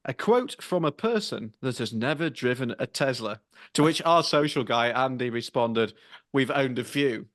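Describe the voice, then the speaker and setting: A man's voice: mid-range voice, expressive, normal speed, fairly bright tone, dry recording, clean studio sound. Wry man in casual podcast chat. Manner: wry, self-mocking, with many restarts. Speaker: car podcast co-host.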